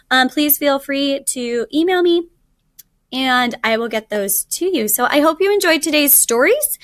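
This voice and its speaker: Woman teacher, young adult, reading aloud slowly and brightly; dry close-miked sound. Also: high-pitched, dry recording. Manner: slow, animated storytelling with frequent ums.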